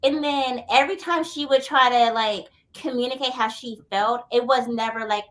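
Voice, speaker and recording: High, bright-voiced animated woman. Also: brisk, hardly any pauses. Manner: animated, acts out quoted lines. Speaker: podcast guest. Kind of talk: casual chat reviewing a reality show.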